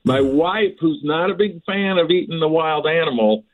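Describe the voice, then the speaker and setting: A man on a podcast as a guest, telling a lively story, often laughing and restarting phrases. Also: a little high, normal speed. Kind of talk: animated storytelling. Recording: tinny phone-like line.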